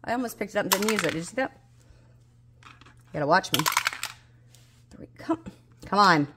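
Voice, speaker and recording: A woman's voice: medium pitch, expressive, normal speed, very noisy. A woman, a budgeting vlogger chatting casually to viewers, coaxing and scolding her dice, a little unwell and tired. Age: 30s. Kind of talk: casual chat to viewers while rolling dice.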